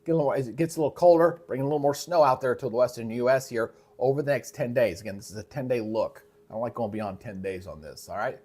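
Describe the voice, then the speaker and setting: A male meteorologist hosting a live weather briefing in a casual, conversational way, with a frog in his throat that keeps him clearing it. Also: medium pitch, fast, few pauses, a little mellow. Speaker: meteorologist host.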